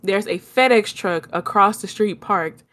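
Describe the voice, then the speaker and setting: A young woman, telling a long story in casual chat and acting out her own shouts. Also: mid-range voice, a little slow.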